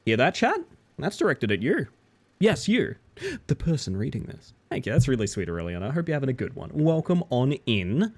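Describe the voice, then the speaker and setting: Lively, joking male streamer. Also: medium pitch, normal speed. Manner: playful, joking, talks straight to chat. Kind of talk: casual live-stream chat while gaming.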